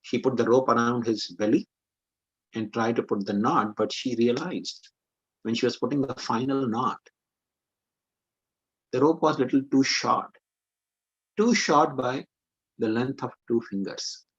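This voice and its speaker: A man preaching over a video call, telling a devotional story in animated fashion and quoting verses. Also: mid-range voice, unhurried, long pauses, slightly rough, highs cut off. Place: online meeting, video call. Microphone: computer mic on a video call.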